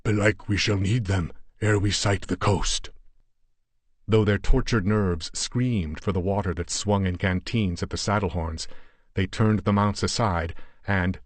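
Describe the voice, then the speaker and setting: A man narrating a horror story as an audiobook, in a measured, deliberate way. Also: low voice, no echo.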